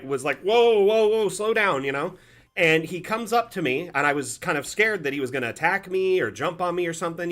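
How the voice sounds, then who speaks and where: A man hosting a live stream, telling a casual story in an animated, rambling way and often correcting himself mid-sentence. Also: a little high. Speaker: community manager streamer. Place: home, Las Vegas.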